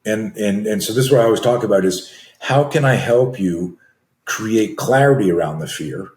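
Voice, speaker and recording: A very deep-voiced man in his sixties tells a story as a podcast guest, acting out the dialogue with lively energy and often restarting his sentences. His voice carries a roomy echo. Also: normal speed. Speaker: guest, self-defense and fear management coach.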